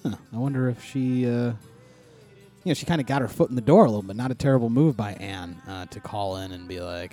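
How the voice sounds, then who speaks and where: A man's voice: medium pitch, fast talker, warm tone, faint music behind. A man co-hosting a casual podcast, recapping a radio show in a rambling way with many fillers. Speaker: podcast co-host.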